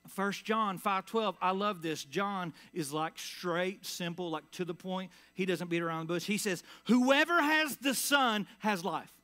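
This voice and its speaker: A man preaching a sermon in church in a casual, conversational way, full of fillers, sometimes dropping to a quiet, low voice for emphasis. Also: fairly even intonation, moderate pace, hardly any pauses. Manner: conversational preaching with many "like" and "all right" fillers. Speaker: pastor. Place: church sanctuary.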